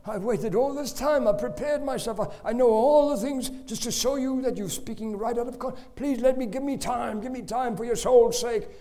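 A man's voice: sits high, a little slow, pauses often, mellow, pitched above the performer's own voice. A man voicing his father, a zealous preacher who pleads and warns with fervent intensity. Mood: pleading.

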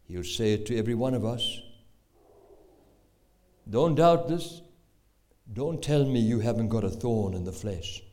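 A man's voice: medium pitch, a little slow, pauses often, mellow, slight background noise. A middle-aged man with a South African accent preaching a sermon, emphatic and given to exclamations as he tells stories.

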